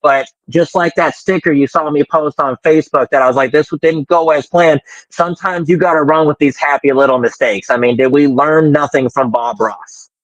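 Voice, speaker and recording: A man's voice: a little high, brisk, hardly any pauses, fairly bright tone, no room sound, muffled recording. A man from Colorado with a slight country twang, a musician chatting casually on a podcast in a rambling, self-deprecating way. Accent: slight American country twang. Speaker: musician guest.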